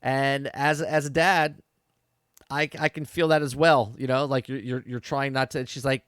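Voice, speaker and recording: Recapping a TV episode for his podcast, this dad talks in a loose, chatty way, repeating himself, restarting sentences and dropping frequent "okay?" and "right?" asides. His voice runs on the high side with a fairly bright tone and a measured pace. It's an echo-free studio recording.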